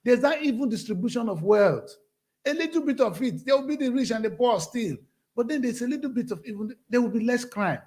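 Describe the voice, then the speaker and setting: Nigerian man, show host, blunt fiery rant, high animated voice. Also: brisk. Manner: fiery, preachy, blunt ranting. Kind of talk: impassioned monologue.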